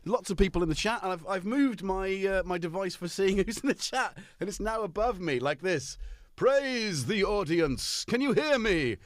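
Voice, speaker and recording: A man's voice: sits high, lively intonation, a little fast, few pauses, no room sound. A British man hosting a casual live stream from his home studio, chatty and jokey as he greets viewers by name. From United Kingdom. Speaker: host. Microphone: headphones on, studio mic.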